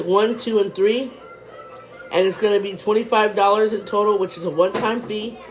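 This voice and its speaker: A woman vlogger in a mid-range voice talks casually about a money program, racing through figures and chatting with viewers along the way. She sounds a little out of breath.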